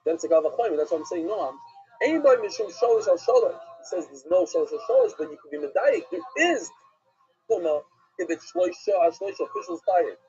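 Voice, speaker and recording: A man, a rabbi, giving an animated Talmud class lecture, asking and answering questions with emphasis. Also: high-pitched, fast talker. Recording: dull lo-fi recording with faint music.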